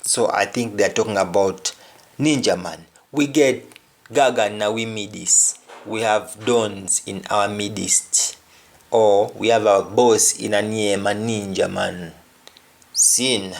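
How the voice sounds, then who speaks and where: A man with a Jamaican accent teaches a language lesson at an unhurried pace. He lays out each example carefully and repeats the key words so they sink in. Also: lowish voice.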